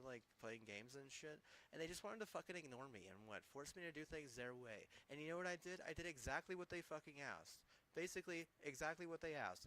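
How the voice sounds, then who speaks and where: A man's voice: medium pitch, sharp tone, poor audio. A young man streaming games, ranting angrily with constant swearing. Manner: angry, profane, ranting. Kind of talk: casual gaming stream rant.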